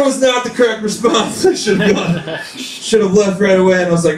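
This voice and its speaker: A man's voice: high voice, a little fast. Rambling stand-up comic man, roomy and distant. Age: late 20s. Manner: loose, rambling storytelling with crowd work. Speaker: stand-up comedian. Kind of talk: stand-up comedy set. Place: basement comedy room with live audience. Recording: roomy live recording from a distance.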